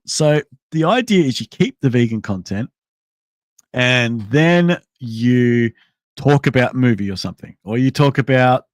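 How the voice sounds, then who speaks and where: This medium-pitched man hosts a casual livestream, thinking aloud in a rambling way with many restarts while answering chat messages. There's no echo on his voice.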